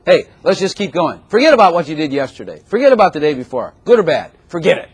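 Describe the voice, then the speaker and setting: Husky male preacher, lively pitch, talky sermon with bursts of enthusiasm. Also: fast talker. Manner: animated, conversational preaching with sudden shouts.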